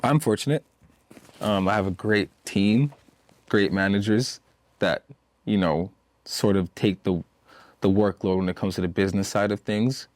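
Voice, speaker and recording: A Zambian musician in his twenties appears as a guest in a casual interview, speaking emphatically, repeating himself and saying "you know" a lot. His voice sits on the low side at a normal speed, with frequent pauses and no echo.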